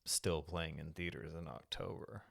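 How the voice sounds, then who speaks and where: A man with a deep, gravelly voice co-hosting a movie podcast. He chats casually and asks dry, probing questions. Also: level tone, unhurried, fairly bright tone, dry recording. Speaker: podcast co-host. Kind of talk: casual chat.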